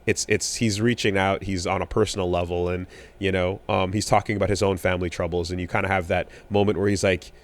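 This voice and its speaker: A man with a fairly low voice chatting on a podcast. He rambles and restarts often, filling his thoughts with ums and likes. His talk swings between flat asides and bursts of animated excitement. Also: quick pace. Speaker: podcast co-host. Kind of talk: casual chat.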